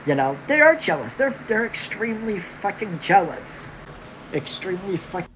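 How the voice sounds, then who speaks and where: A woman's voice: medium pitch, sing-song, moderate pace, noisy background. A woman hosting a livestream, ranting angrily at her viewers, mocking them with sarcasm and constant swearing. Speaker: livestream host. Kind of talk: profane livestream rant. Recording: dull lo-fi stream audio.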